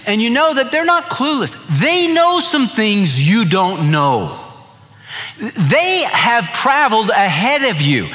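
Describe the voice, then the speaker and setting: Folksy preacher with a bright voice. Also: male voice, sits high. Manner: folksy, humorous storytelling. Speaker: pastor. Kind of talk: sermon. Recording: reverberant church hall.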